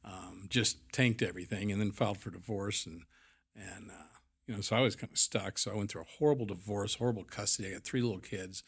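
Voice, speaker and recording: A man's voice: lowish voice, fairly even intonation, fast, gravelly, breathy edge. A man in his forties, a podcast guest and business owner, telling his story candidly in a rambling, blunt and profane way, full of fillers.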